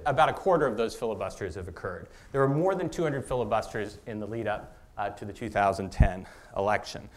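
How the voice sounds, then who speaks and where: A man giving a lecture as an author, halting, with many restarts and fillers. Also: fairly high pitch. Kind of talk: public lecture on policy.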